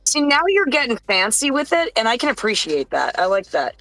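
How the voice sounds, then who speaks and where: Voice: medium pitch, big pitch swings, a little fast, sharp tone, dry recording, poor audio. A radio co-host making casual, teasing chat with lots of filler words. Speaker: radio morning show co-host.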